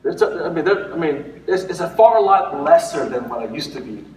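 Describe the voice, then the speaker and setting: A man's voice: fairly high pitch, expressive, moderate pace, a little mellow, slight background noise. A man in his forties, a pastor, gives a conversational sermon full of restarts and fillers, sometimes tearing up. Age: 40s. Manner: conversational, many restarts and fillers, laughs at himself. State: tearful. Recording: echoey room, mic at a distance.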